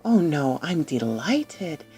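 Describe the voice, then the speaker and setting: A woman's voice: sing-song, slow pace, mellow, soft background music, exaggerated voice. A woman doing a frightened young bride. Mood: nervous. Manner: high, breathless, pleading.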